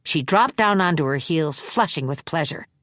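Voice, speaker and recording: A woman reads a dark novel aloud, steady and expressive. Her voice sits low, and the sound is close and dry, with no room around it. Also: no room sound. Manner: measured, expressive reading. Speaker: audiobook narrator. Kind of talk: scripted narration.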